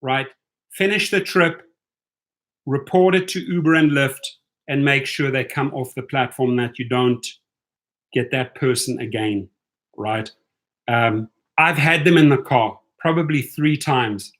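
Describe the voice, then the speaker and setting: A man's voice: mid-range voice, a little slow, a bit bright. A man hosting a casual livestream, chatting with viewers in a loose, talkative way and often tagging his points with "right?". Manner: chatty, keeps asking "right?". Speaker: rideshare channel host.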